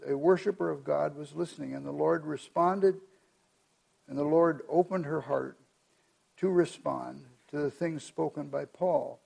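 An American man preaching a sermon as pastor, reading scripture aloud and explaining it in an earnest, measured way. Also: a little high, warm tone. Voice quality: gravelly.

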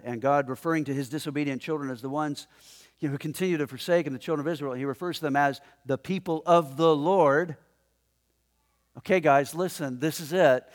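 Speaking in a voice on the high side, a man delivers a sermon in an animated, conversational style. He frequently chuckles while talking to the congregation present, and the recording carries long hall reverb.

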